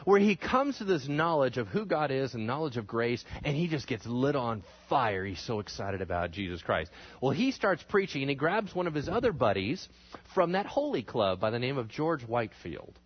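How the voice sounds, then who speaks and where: Animated man lecturing on church history. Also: moderate pace, husky. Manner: animated storytelling, acting out quotes with big pitch swings. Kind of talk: classroom lecture. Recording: dull lo-fi recording.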